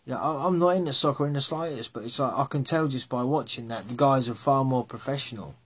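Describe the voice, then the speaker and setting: A man with a husky voice, bluntly ranting his opinions in a casual monologue, scornful and sarcastic, swearing freely. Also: mid-range voice, fast talker.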